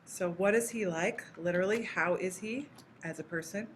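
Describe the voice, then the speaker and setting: A woman teaching a recorded language lesson, explaining patiently step by step and slowing down to model example phrases. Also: on the low side, slight background noise. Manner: slows down to model Spanish phrases. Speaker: Spanish teacher.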